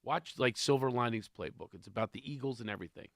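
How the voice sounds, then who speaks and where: A man from Philadelphia with a Philadelphia accent, a comedian telling animated jokes in a radio studio. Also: mid-range voice, fast, dry recording. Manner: animated joke-telling, acts out voices. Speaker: comedian guest. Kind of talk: radio studio banter, storytelling.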